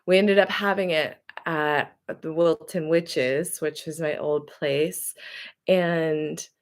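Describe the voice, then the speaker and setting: A woman's voice: low-pitched, steady tone, takes it slowly. A woman therapist telling a personal story in a casual, chatty way, rambling and correcting herself as she goes. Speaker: therapist and hypnotherapist.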